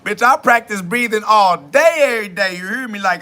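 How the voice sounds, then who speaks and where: A man hosting a self-talk podcast, ranting loudly and boastfully in profane slang and mockingly imitating other people's questions. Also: high-pitched, a little fast, hardly any pauses. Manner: loud, boastful, swearing slang rant with bursts of laughter. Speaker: podcast host.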